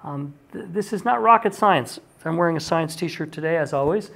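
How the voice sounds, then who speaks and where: A man's voice: a little high, normal speed, creaky, fairly bright tone. A male university lecturer giving a recorded class talk in a chatty way, with frequent ums and restarted sentences.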